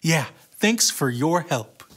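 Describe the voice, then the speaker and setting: A man's voice: on the high side, expressive, slow, a bit bright, breathy edge. A man narrating a Bible story for kids in an earnest storytelling manner.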